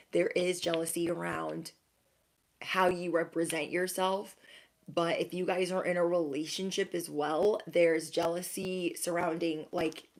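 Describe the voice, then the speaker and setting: A young adult woman giving a casual intuitive reading to her viewers, frank and chatty, full of "like" fillers. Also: on the low side. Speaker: intuitive card reader.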